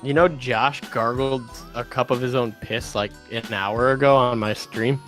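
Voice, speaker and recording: Bossy, cursing stream host. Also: male voice, medium pitch, fairly even intonation, a little slow, a bit bright, soft background music. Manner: bossy, profane, ordering people around. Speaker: livestream host. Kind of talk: livestream chat.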